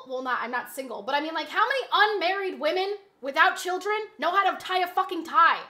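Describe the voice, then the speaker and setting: Brash high-voiced woman streamer. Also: animated, fairly quick, hardly any pauses, bright, forceful tone. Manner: brash, swearing, defensive banter with chat. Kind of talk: casual livestream chat.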